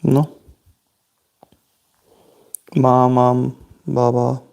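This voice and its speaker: A man from India, chatting on a video call with his family and answering their questions in a measured, thoughtful and polite way. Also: mid-range voice, little pitch movement, gravelly, a little mellow.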